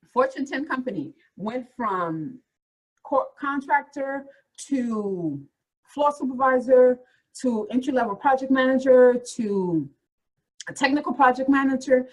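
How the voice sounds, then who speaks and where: Husky-voiced woman coaching a webinar. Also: sits high, darkish tone, poor audio. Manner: encouraging, repeats phrases, addresses listeners directly. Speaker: career development coach. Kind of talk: motivational webinar talk.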